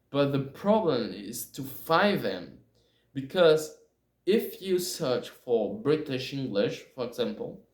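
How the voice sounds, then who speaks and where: Male solo podcaster, second-language English speaker, unhurried and hesitant, recorded in an echoey room. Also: mid-range voice. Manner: halting, frequent fillers and restarts. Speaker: podcast host. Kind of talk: casual solo monologue.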